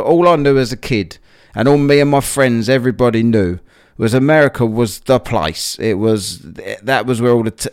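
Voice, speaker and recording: Speaking in a smooth, medium-pitched voice, this solo podcast host from England keeps things casual and rambling, full of filler words. He sounds slightly winded from a workout.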